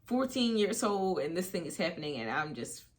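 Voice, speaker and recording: A woman's voice: on the low side, big pitch swings, normal speed. A young woman vlogger telling a personal story in a casual, chatty way, full of fillers. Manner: casual and chatty, full of fillers like "you know what I mean". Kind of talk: storytime vlog.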